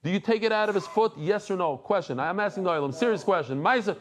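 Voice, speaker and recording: A middle-aged man giving a daily Talmud lesson, animated and jokey, mixing in Hebrew and Yiddish terms. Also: high voice, quick pace. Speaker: Talmud teacher.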